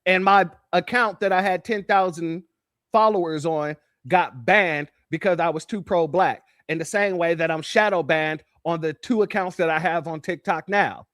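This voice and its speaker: A man's voice: on the high side, normal speed, fairly bright tone, dry recording, clean studio sound. A man from California giving casual commentary, laughing often and repeating himself. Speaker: commentary channel host.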